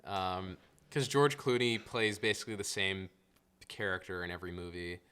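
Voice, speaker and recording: A man's voice: deep voice, steady tone, normal speed, bright, forceful tone, clean tone. A man co-hosting a podcast in casual chat, rambling and laughing often with lots of fillers. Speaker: podcast co-host.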